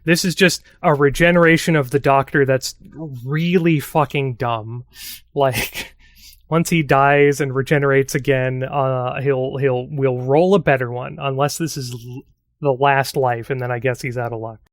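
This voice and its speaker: A podcast co-host muses in a relaxed way during casual podcast chat. His mid-range voice is a little slow, captured in a dry, clean studio recording.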